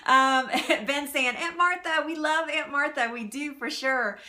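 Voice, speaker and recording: A woman's voice: high-pitched, measured pace, sharp tone. A woman hosting a live cooking stream, chatting casually, laughing often and answering viewer comments. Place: home kitchen.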